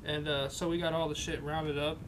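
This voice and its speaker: A young man telling a story in a casual chat, loose and halting, often restarting his sentences. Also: a little high, flat delivery, noisy background. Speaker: guest.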